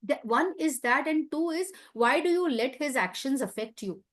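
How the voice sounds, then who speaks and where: A woman's voice: high-pitched, lively intonation, normal speed, a bit bright. A woman giving a light-hearted teaching talk, emphatic and conversational, putting questions to her audience. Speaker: wellness talk speaker.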